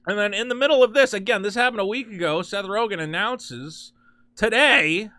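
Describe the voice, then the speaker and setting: Male commentary host, sarcastic and animated, dry close sound. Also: high-pitched, moderate pace, dry recording. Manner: sarcastic, animated, mocking quoted voices. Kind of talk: ranting commentary with screen share.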